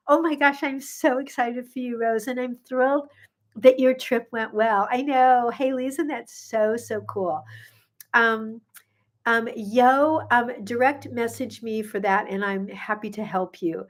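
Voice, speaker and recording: A middle-aged gut health coach chats casually on a live stream, bubbly and effusive, with lots of ums. She's a little sniffly from pollen. Her fairly high voice moves at an unhurried pace.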